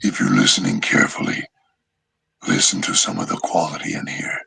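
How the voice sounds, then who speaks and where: A man voicing a male nine-tailed demon fox with a raspy, gravelly, whispery voice. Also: very deep voice, animated, brisk, pushed and bright, voice pushed down, full character voice. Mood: menacing.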